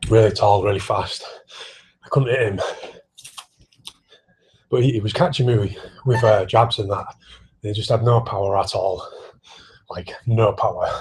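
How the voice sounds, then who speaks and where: A man's voice: lowish voice, slight background noise. A man in casual livestream chat, answering viewer questions while pedalling an exercise bike, rambling, swearing freely and poking fun at himself.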